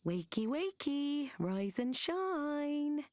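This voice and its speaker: A woman's voice: sits high, big pitch swings, very slow, darkish tone, dry recording, full character voice. A woman voicing a doting mother in a game, with a British accent, lilting and encouraging as she rouses her son. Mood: motherly. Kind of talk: game voice acting.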